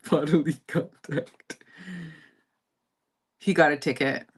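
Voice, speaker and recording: A woman chatting casually on a livestream, talking in a relaxed, conversational way to her viewers. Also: low voice, takes it slowly, husky. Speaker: livestream host.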